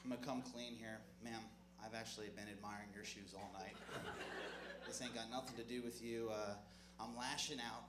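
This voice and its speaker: Awkward stand-up comic in an echoey club. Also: male voice, medium pitch, fairly even intonation. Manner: awkward, self-deprecating delivery with halting restarts. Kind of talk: stand-up comedy set. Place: comedy club stage. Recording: echoey club room with crowd noise.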